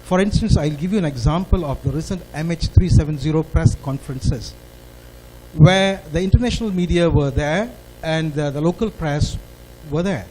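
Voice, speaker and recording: A man with a Malaysian English accent stands at a forum microphone and pushes his questions with earnest emphasis. His voice sits a little higher than most men's. Faint room noise hums behind him. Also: normal speed, dark tone, low-quality recording. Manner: earnest, emphatic, rising to stress points. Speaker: audience member asking a question.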